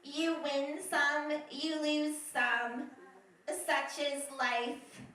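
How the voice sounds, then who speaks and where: A woman performance artist delivering a live monologue of slow, halting, eulogy-like phrases with long pauses, recorded on a theatre stage from a distant mic. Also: high voice, steady tone, bright, forceful tone. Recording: echoey hall from afar, faint ambience.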